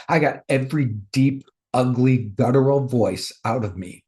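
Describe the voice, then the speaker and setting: Expressive man sharing a spiritual testimony. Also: moderate pace, few pauses. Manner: emotional, swings between loud outbursts and hushed lows. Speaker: spiritual teacher.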